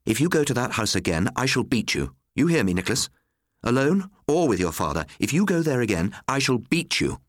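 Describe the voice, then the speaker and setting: A man reading a story aloud, voicing a bitter middle-aged mother in a higher, shrill voice. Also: expressive, quick pace, dry recording, clean studio sound. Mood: threatening. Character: bitter, harsh mother, woman of middle age.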